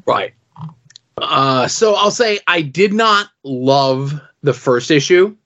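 A man's voice: on the high side, expressive, takes it slowly, fairly bright tone, muffled recording. Opinionated man in podcast chat. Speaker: podcast co-host.

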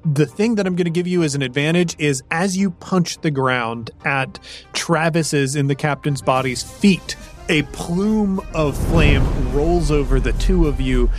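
A man narrating as game master, describing scenes with many fillers. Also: a little high. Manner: descriptive, with frequent likes.

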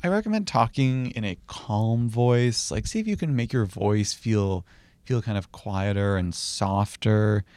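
A young man with a lower voice speaks in an easy, conversational teaching tone. He explains patient-interview tips calmly and acts out gentle example phrases as he goes. The recording is dry and close. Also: unhurried, smooth, no room sound. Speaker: psychiatry educator.

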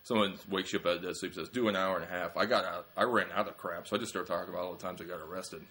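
A young adult man, a comedian, telling rambling self-mocking stories in casual podcast chat, acting out quick quotes. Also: low-pitched, fairly even intonation, pushed and bright. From small-town Ohio. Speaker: comedian guest.

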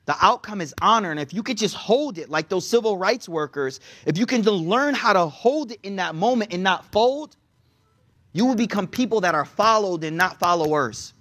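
A young man giving a casual, animated sermon to young people, telling stories in slang and acting out the people in them. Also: sits high, normal speed. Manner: animated, slangy, storytelling with quoted voices. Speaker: religious teacher.

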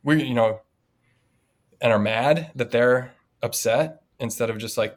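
Speaking at a measured pace in a mid-range voice, this man is a podcast co-host and priest. He shares a personal story conversationally and reflectively, livening up whenever he reaches an anecdote.

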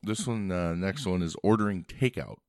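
A young man with a very low, deep voice, chatting crudely and bluntly as a podcast co-host. He jokes a lot, and his voice is recorded close and dry with no room sound. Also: animated, moderate pace, dry recording. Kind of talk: casual chat.

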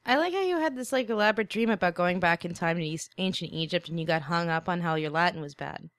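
Wry woman guest, low dry voice. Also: fast, a bit bright, no echo. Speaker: podcast guest. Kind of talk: casual chat.

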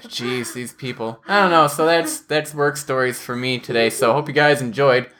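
A woman's voice: rumbling low, moderate pace, fairly bright tone. A woman hosting a casual podcast chat, telling work stories as a postal carrier, acting out coworkers' voices and laughing often. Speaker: podcast host.

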